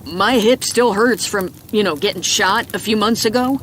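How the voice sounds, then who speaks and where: A man's voice: high-pitched, moderate pace, a bit bright, a little hiss or hum. A woman voicing a chatty, wisecracking grown man who grumbles and jokes in a storybook reading. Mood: defensive. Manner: jokey, grumbling, talkative.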